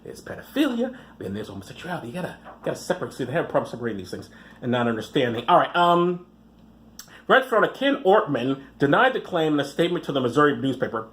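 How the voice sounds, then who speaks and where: A man's voice: fairly high pitch, sing-song, quick pace, fairly bright tone. A man hosting a podcast, reading news articles aloud and breaking in with sarcastic, profane asides. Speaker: podcast host. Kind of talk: casual commentary reading news.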